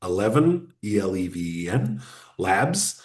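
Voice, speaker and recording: A man as guest on an online webinar interview, explaining podcasting in a relaxed, practical way. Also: sits low, a little slow, echoey room. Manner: relaxed, explanatory advice-giving.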